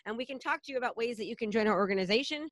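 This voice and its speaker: A woman's voice: a little high, animated, a bit bright, dry recording. A woman leading a real estate team, talking casually and enthusiastically in a promotional chat with a colleague. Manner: enthusiastic, rapid, salesy, repeats herself.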